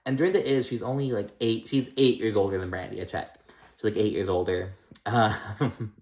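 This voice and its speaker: Male vlogger, lower register, loose profane gossip tone, recorded in a roomy space. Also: steady tone, normal speed, darkish tone. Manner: chatty and gossipy, heavy "like" and "um", swears freely. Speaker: reality TV recap vlogger. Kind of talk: casual episode recap.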